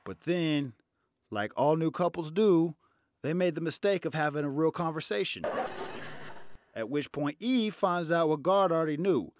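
A man's voice: a little high, lively intonation, moderate pace. A man doing a stand-up routine, sarcastic and profane. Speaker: stand-up comedian.

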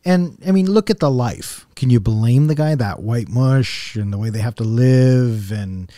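Male podcast co-host, mellow, warm voice, dry close mic, relaxed and blunt in casual film talk. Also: mid-range voice, a little slow, dry recording. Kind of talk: casual movie review chat.

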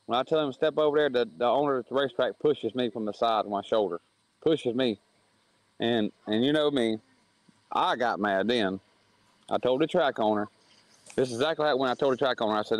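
A man's voice: medium pitch, brisk, no room sound, poor audio. A man tells a heated racetrack story in casual podcast chat, acting out the quoted arguments in a blunt, plain-spoken way. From southern United States. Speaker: racing series promoter on a podcast.

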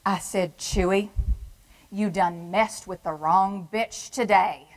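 A woman's voice: medium pitch, slow, lightly acted, low-quality recording. Woman playing a brassy Texan prisoner's wife. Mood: brash. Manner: brassy, folksy, drawling. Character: brash, wisecracking Texan woman with a husband in prison. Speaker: performer. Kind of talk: theatrical monologue.

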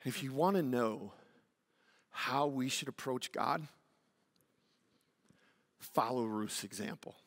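A man preaching a sermon as pastor, swinging from hushed to loud and emphatic and acting out the lines he quotes. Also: medium pitch, slow pace, long pauses. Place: church sanctuary. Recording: long hall reverb.

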